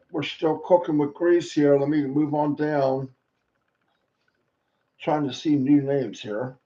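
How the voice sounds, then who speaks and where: A man with a somewhat high, mellow voice welcomes viewers by name on a live stream, slow and unhurried. He drops playful sing-song call-outs and rhymes between names. The audio sounds dull and lo-fi. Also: steady tone, slight background noise. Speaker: host greeting viewers.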